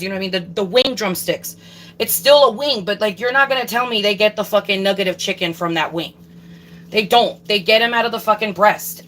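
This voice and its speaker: A woman's voice: medium pitch, fairly bright tone, a little hiss or hum, low-quality recording. A young woman ranting casually on a livestream, swearing a lot and repeating herself for emphasis.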